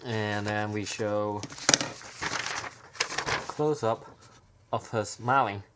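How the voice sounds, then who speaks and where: A man who is an amateur filmmaker, pitching a trailer in a loose, rambling way. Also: steady tone, very slow, heavy background noise. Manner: rambling, full of fillers and restarts.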